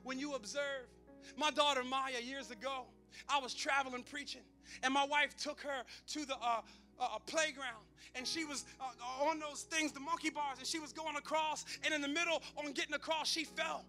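High bright-voiced preaching man. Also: steady tone, moderate pace, faint music behind. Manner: emphatic preaching with call-outs to the congregation; conversational storytelling with humor. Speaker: pastor. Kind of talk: sermon.

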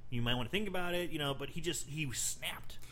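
A man co-hosting a casual movie recap chat, animated and quick to laugh as he retells scenes. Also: a little high. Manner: animated, breaks into loud laughing squeals when retelling scenes. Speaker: podcast co-host.

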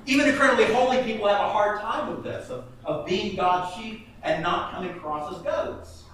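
A man's voice: sits high, moderate pace, a bit bright, a little hiss or hum. A male preacher telling jokes as a sermon, chuckling at his own stories, recorded far from the mic in a large echoey hall.

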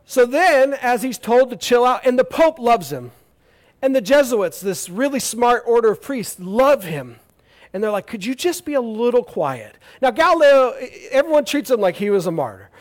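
A male pastor with a high voice gives a sermon. He tells his stories in an animated, jokey way, and he keeps it conversational with lively, humorous asides. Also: moderate pace.

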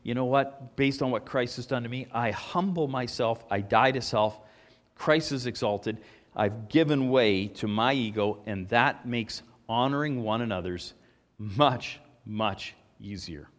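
A man preaching a sermon, telling stories with emphatic swings between loud and soft. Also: medium pitch, unhurried, big-room sound. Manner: storytelling, emphatic, rises and drops in volume.

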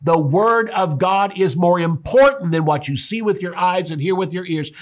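A man preaching a sermon, animated, acting out the voices he quotes. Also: high-pitched, normal speed. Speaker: pastor.

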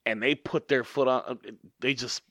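A young man co-hosting a sports podcast, chiming in with quick agreement and restarting his sentences. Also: mid-range voice, fairly even intonation, fairly bright tone, dry recording, studio quality. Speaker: podcast co-host. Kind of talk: casual sports chat.

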